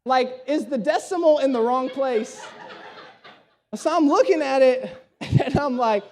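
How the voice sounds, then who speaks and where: A male pastor with an extremely high, darkish voice preaches at a measured pace, telling a humorous, self-deprecating story and acting out its dialogue.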